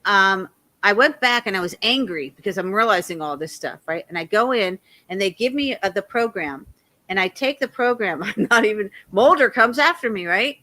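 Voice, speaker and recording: A woman in her fifties, a guest telling a long rambling story in a loud, animated way and laughing often. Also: medium pitch, normal speed.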